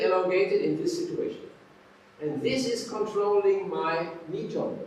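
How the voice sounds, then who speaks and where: A man's voice: high-pitched, darkish tone, slight background noise. Man lecturing in an echoey hall. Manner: emphatic, checking in often with "okay?" and "yeah?". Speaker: physiotherapy lecturer. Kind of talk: live lecture to a workshop audience. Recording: echoey hall, far from the mic.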